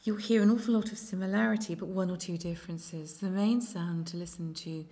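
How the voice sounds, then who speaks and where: A woman narrating an accent lesson in a measured, explanatory way. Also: on the low side, steady tone, mellow. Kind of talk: instructional narration.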